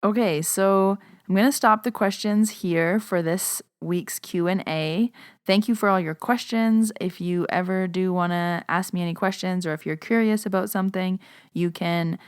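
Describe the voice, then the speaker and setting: A chatty woman hosting a spiritual podcast and answering listener questions in a casual monologue. Her voice sits fairly low and is recorded close on a podcast mic, dry with no room sound. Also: moderate pace, clean tone, no room sound. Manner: casual, chatty, uses "like" often. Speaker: podcast host and Reiki master.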